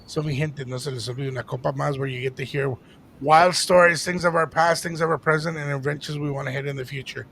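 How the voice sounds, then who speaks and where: Animated gravelly-voiced man telling stories. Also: on the high side, fast talker, slight background noise. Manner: animated, jumps into impressions, code-switches into Spanish. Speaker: podcast co-host and DJ. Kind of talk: casual storytelling.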